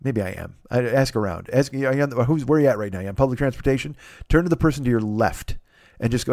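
A man at a middling pitch rambles through a profane, sarcastic rant, swearing often and breaking into goofy put-on voices. He restarts his sentences constantly. The recording is close and dry, with no room sound. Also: animated, quick pace, darkish tone, no room sound. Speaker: podcast host.

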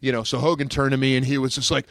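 Gravelly-voiced man telling animated stories. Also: medium pitch, racing, no room sound, clean studio sound. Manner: animated storyteller, launches into loud put-on voices. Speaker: podcast guest. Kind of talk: casual chat.

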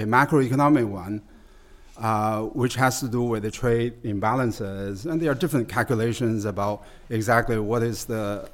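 A man as guest expert, explaining at length in a conversational interview, halting with many fillers and restarts. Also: medium pitch.

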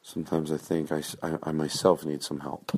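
A man hosting a comedy podcast, rambling in a self-mocking, swearing monologue that jumps into a high excited voice. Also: normal speed, slight background noise.

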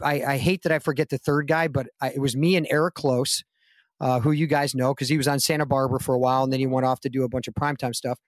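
On a casual podcast interview, a guest actor whose voice sits on the high side unfolds a long anecdote. He animatedly acts out the quotes with a raised voice, recorded dry and at studio quality.

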